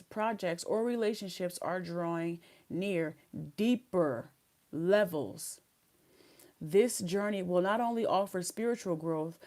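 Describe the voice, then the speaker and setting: A woman's voice: lowish voice, dark tone. Woman reading tarot in slangy chat. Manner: casual slangy talk, reads card messages aloud. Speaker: tarot reader.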